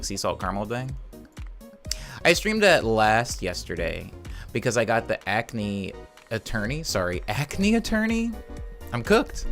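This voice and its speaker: A man runs a relaxed home livestream, reading viewer messages aloud and riffing on them. His talk meanders, full of fillers and easy laughter, with faint music playing behind him. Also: low-pitched. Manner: laid-back, rambling, laughs easily, many fillers. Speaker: streamer.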